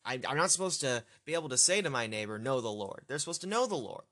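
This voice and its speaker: A man's voice: mid-range voice, lively intonation, fast talker, pushed and bright. A man doing an indignant, exclaiming objector. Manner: exclaiming, repeating himself. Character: indignant man demanding where the law is.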